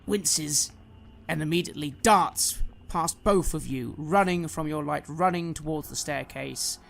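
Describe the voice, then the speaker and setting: A man's voice: a little high, unhurried, vocal fry, fairly bright tone, a little hiss or hum. A man narrating a tabletop horror game as game master, telling the story dramatically.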